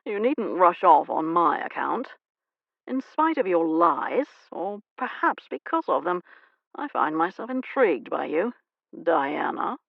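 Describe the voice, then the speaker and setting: An arrogant, predatory earl, as a woman voices him who speaks in a lazy, snide drawl. The voice carries a gravelly texture. It is recorded dry and a bit dull. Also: on the high side, big pitch swings, a little slow, dry recording, exaggerated voice. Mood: menacing.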